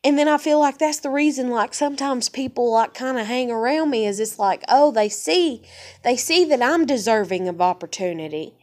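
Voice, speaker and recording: A woman's voice: on the high side, lively intonation, normal speed, darkish tone. A woman with a daughter giving a blunt, heated personal rant to camera, swearing nearly every sentence and using y'all and fixing to. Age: adult with a daughter. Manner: profane, heated, swearing constantly; Southern-style speech with y'all and fixing to. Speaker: vlogger.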